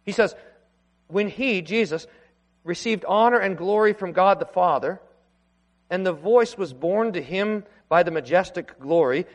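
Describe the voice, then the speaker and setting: A man preaching a sermon in a church, earnest and emphatic, with pauses and restarts. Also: high-pitched. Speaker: pastor. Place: church sanctuary. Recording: long hall reverb.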